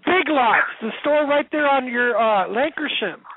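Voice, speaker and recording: A man who is a guest on a call-in radio show, telling animated stories and acting out quotes. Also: very high-pitched, unhurried, no echo. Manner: animated storyteller, acts out quotes. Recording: phone-like line.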